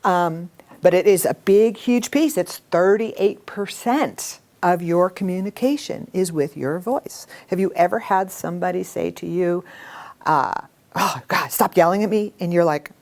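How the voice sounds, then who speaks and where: A middle-aged woman teaching a workshop, expressive and animated, often laughing as she talks. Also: lowish voice, a little slow. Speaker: workshop trainer.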